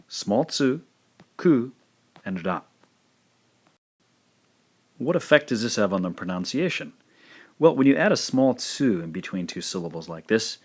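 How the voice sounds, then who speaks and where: A man teaching a language lesson, patiently saying each sound twice in a careful, drawn-out way. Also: lowish voice. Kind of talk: slow, careful spoken lesson.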